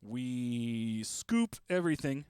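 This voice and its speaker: A man's voice: mid-range voice, expressive, slow pace, darkish tone, slight background noise. A man hosting a beatmaking livestream, chatting casually and rambling with self-mocking jokes while he works. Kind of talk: casual livestream chat while making beats.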